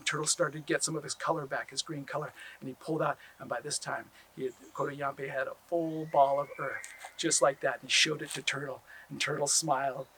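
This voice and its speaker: A man telling a traditional story aloud, animated, with drawn-out repeated phrases. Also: medium pitch, a little hiss or hum, poor audio. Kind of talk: oral storytelling.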